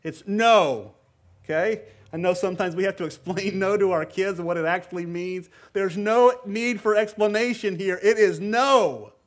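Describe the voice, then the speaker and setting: A male pastor with a fairly high voice delivering a sermon. He talks to the congregation in a relaxed, conversational way, then leans hard on key words and repeats phrases for emphasis.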